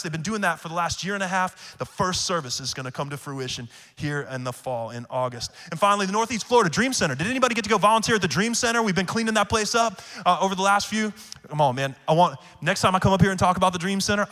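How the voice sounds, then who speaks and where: A male pastor preaches in a quick, bright, forceful voice, pushing his points with call-outs to the congregation. His words ring out with a long reverb through a large arena, and soft music plays behind him. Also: fairly high pitch. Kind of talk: sermon.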